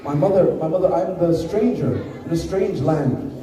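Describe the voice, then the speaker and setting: A man giving a mourning sermon, telling the story slowly with repeated phrases and quoted dialogue. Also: on the high side, expressive, warm tone. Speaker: majlis speaker. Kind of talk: Muharram sermon narration. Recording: echoey hall, distant mic.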